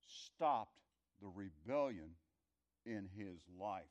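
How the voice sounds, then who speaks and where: A middle-aged or older man telling a folksy, rambling story in a conversational sermon, his loudness rising and falling. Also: mid-range voice, expressive, unhurried, pauses often. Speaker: speaker telling a story to an audience.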